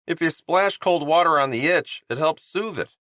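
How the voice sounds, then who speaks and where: A man's voice: fairly high pitch, moderate pace, bright, forceful tone, dry recording, studio quality, pitched above the performer's own voice. A man voicing an upbeat, chatty young male hockey player in an audiobook. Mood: cheerful. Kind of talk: audiobook character voice.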